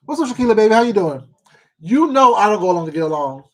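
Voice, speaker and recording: A man's voice: sits high, big pitch swings, quick pace, a little mellow. A man from Washington State on a late-night eating livestream, talking bluntly and with lots of swearing. He repeats himself for emphasis and greets viewers by name. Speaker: mukbang YouTuber. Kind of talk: casual live-stream rant while eating.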